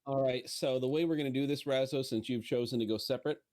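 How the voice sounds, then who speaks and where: A man running a tabletop game as dungeon master, asking the players measured questions. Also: mid-range voice, steady tone, darkish tone.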